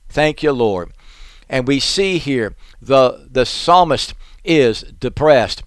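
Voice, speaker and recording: A man preaching a sermon, his voice a little higher than most and smooth and clear. He reads scripture slowly and deliberately, then breaks into raised, pleading outbursts. The sound is close and dry, with little room around it. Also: fairly bright tone, dry recording.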